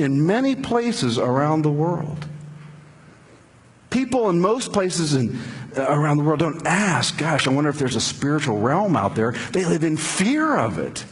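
A man's voice: high voice, husky. A man preaching a sermon in a conversational way, asking rhetorical questions and restarting his sentences. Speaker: pastor.

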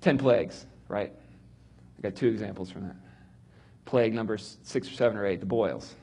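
Middle-aged male Bible teacher, husky, animated, acts out the quotes. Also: lowish voice, fairly quick. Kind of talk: animated teaching on reading Scripture.

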